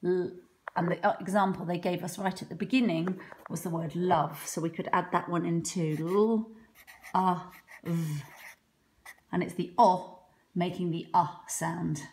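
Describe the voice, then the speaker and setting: A woman teaching a children's phonics lesson from home, slowly sounding out letters one by one with patient encouragement. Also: fairly low pitch, level tone, darkish tone, a little hiss or hum. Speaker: primary school teacher.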